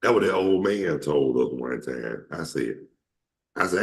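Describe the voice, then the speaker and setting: Deep gravelly Southern man telling stories. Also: sing-song, normal speed. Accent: Georgia Southern. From Atlanta, Georgia. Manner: storytelling, repeats himself, acts out quotes. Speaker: host. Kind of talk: casual chat.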